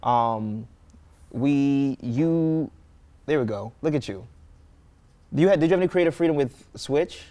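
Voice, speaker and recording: Playful host in casual chat. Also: male voice, mid-range voice, expressive, unhurried, long pauses, dark tone. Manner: playful, joking, rambling with fillers. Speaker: talk show host. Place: college radio studio.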